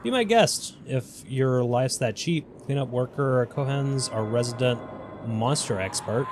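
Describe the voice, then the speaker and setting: A man voicing a gruff, scornful gate guard in a video game, with a sardonic drawl. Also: mid-range voice, a little slow, soft background music, natural voice.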